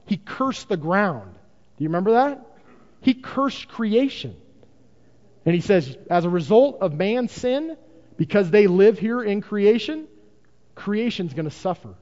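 A pastor preaching a sermon with emphasis and repeated rhetorical questions to the congregation. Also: male voice, high-pitched, darkish tone. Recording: dull lo-fi recording in a reverberant hall.

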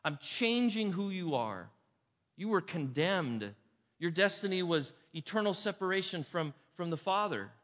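Emphatic pastor with a bright voice. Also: male voice, high-pitched, expressive, unhurried. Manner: emphatic, swings from loud to hushed. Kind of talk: sermon. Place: church sanctuary. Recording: reverberant hall sound.

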